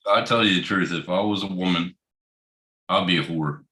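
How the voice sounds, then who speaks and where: A man's voice: deep voice, fairly quick, pushed and bright, roomy sound. A man chatting crudely on a livestream, swearing heavily and tossing in short agreeing replies. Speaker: livestream co-host. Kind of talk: casual chat.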